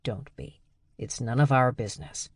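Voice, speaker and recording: A woman voicing a reserved grizzly shifter man who speaks low and terse. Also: big pitch swings, moderate pace, husky, no echo, studio quality, recorded from a distance, exaggerated voice. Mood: stern. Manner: low, terse, hushed warnings.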